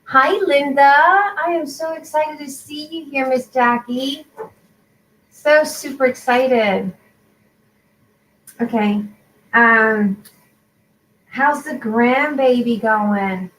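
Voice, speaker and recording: A woman's voice: sits high, slow, pauses often. Chatty woman, native Spanish speaker, echoey room. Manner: chatty and excitable, greets viewers, mixes in Spanish. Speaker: crafting livestream host. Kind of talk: casual live-stream chat. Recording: echoey room, faint background noise.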